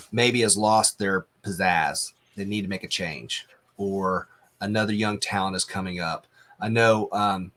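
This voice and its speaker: A man with a fairly low voice hosts a business podcast. He asks questions in a loose, rambling way and chimes in with his own enthusiastic views. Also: sharp tone. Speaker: podcast host. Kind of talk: interview conversation.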